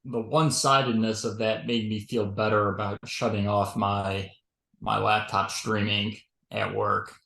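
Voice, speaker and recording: A man's voice: lowish voice, flat delivery, a little slow, gravelly, a bit bright, a little hiss or hum. A man co-hosting a podcast in casual chat, rambling through his points with many fillers. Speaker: podcast co-host. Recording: roomy echo.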